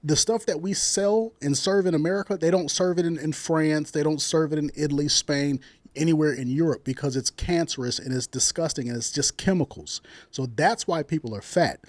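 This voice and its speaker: A man's voice: fairly high pitch, brisk, no room sound. A man from Jamaica arguing in a heated casual debate, blunt and crude, laughing at his own jokes.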